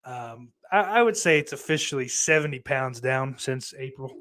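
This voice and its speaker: A man's voice: medium pitch, lively intonation, moderate pace, fairly bright tone. A young man hosting a podcast, chatting casually in a rambling, profane, self-deprecating way. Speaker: podcast host. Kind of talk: casual livestream chat.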